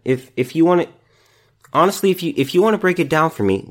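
A man's voice: on the high side, lively intonation, fairly quick. A man hosting a solo opinion podcast, ranting in exasperation and restarting his sentences. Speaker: podcast host.

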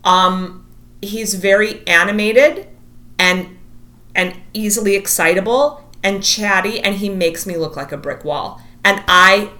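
Bright, animated woman telling a story. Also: medium pitch, unhurried. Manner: animated, acts out quotes, says "like" a lot. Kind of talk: casual storytelling chat.

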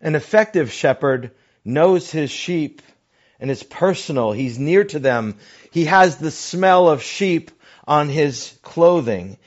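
A pastor preaching a sermon, slow and deliberate, often dropping his voice to a hushed near-whisper for emphasis. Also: a little high, expressive. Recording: dull lo-fi recording.

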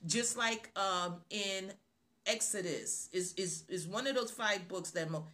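A woman preaching a sermon, slow and deliberate, stressing her points by saying them again and again. Her tone is bright and forceful. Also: mid-range voice. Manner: emphatic, repeats phrases for stress.

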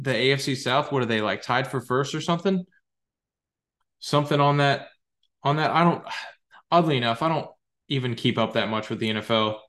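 Young guy ranting about his fantasy football team, swears a lot, jokey and all over the place, regular mid voice. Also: mid-range voice. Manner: rambling, excitable, profane, jokey. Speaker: podcast host. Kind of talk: casual solo fantasy football talk.

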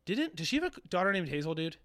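A man's voice: high voice, fast, dry recording, clean studio sound. A man co-hosting a casual podcast, telling celebrity stories with swearing and acted-out quotes. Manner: animated storyteller, swears, acts out quotes. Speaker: podcast co-host. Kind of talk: casual chat.

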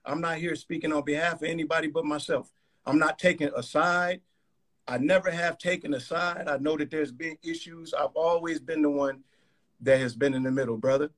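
A man in a heated argument on a live call, staying calm while pressing pointed questions. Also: a little high, brisk.

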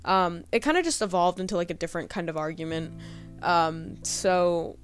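A young woman with a fairly low voice hosts a podcast, speaking at normal speed over faint background music. She tells a personal story in a rambling, hesitant way, packed with fillers.

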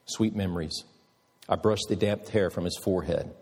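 Husky-voiced man preaching in a hall. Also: deep voice, moderate pace, a little mellow. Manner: earnest, emotional storytelling with pleading appeals. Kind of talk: sermon storytelling. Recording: reverberant hall.

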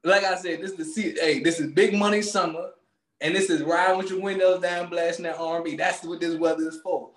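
A man co-hosting a podcast, ranting loudly with swearing and frequent laughter, speaking. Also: high voice, brisk, reverberant, a little hiss or hum. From Maryland, USA. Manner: loud, animated, swearing, laughing often. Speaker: podcast co-host. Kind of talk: casual comedic rant.

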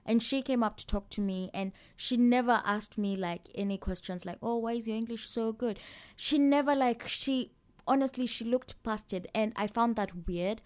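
A woman's voice: a little high, moderate pace. A young woman with a Kenyan accent talking openly about her own experiences in a casual podcast chat. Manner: open, personal, laughs while telling stories.

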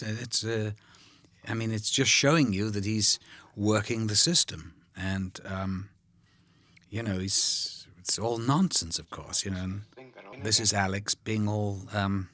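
Older man telling lively film anecdotes. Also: on the low side, no room sound. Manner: anecdotal, animated storytelling with voiced quotes. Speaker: actor discussing his film. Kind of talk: commentary track chat.

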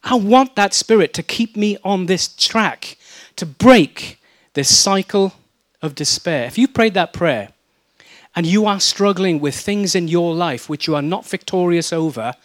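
Unhurried and pitched high, a middle-aged man with a South Wales accent preaches without any echo around him. His sermon is told through animated, comic anecdotes, complete with mimicry.

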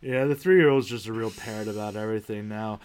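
A man's voice: lowish voice, a little fast. A young man co-hosting a podcast, telling family anecdotes and acting out the quotes. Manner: animated, joking storytelling that acts out quotes. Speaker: podcast co-host. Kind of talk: casual chat.

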